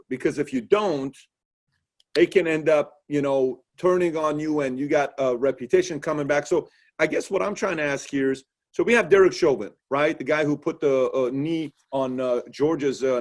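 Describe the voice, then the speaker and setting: A husky, slightly high-pitched man hosts a casual interview. He tells stories with energy and acts out what people said. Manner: animated storytelling, acts out quotes. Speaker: podcast host.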